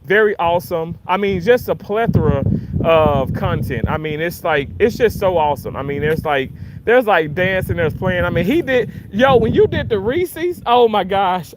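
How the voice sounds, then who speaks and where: A livestream host in his thirties from Mississippi, USA, speaks with a Southern accent in a high voice against a noisy background. He chats casually, reads comments aloud, and laughs often.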